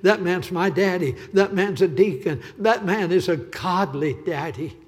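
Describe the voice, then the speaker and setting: Man acting teen girl, weeping, pleading, very high voice, shouts, reverberant church hall. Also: unhurried. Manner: crying, pleading, rising to shouts. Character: distraught teenage girl pleading through tears.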